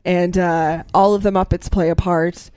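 A woman's voice: fairly low pitch, little pitch movement, measured pace, a little mellow, no room sound. Chatty woman podcast host, dry sound. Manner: chatty, with many restarts and laughs. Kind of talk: casual chat.

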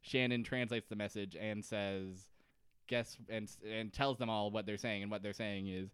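Podcast co-host, male, animated and jokey, breaks into character lines, smooth voice, dry close mic. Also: fairly low pitch, normal speed, no room sound. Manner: animated, laughs often, acts out characters' lines. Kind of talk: casual comedic recap chat.

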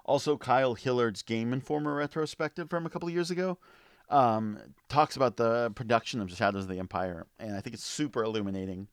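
A man's voice: fairly low pitch, dry recording, studio quality. A man co-hosting a podcast in a casual, easygoing chat, laughing often. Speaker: podcast co-host.

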